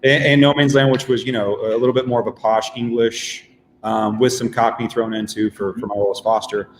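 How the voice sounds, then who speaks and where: A man's voice: medium pitch, fairly even intonation, a little fast, slight background noise. A man, a stage actor, talking casually about his craft, with many ums and restarts. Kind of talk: casual chat. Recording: echoey room with long reverb.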